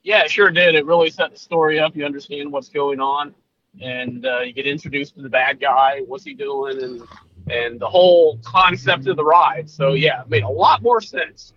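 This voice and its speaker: In a muffled recording, a man with a slightly high voice speaks at a moderate pace as a podcast co-host. His casual chat is easygoing and rambling, with plenty of fillers and restarts.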